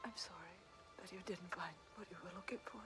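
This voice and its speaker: An actress playing a wary, lonely jungle woman in a TV drama, speaking quietly. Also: on the low side, steady tone, a little fast, over music, close to an everyday voice. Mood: hushed. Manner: quiet, hushed. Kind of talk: TV drama acting.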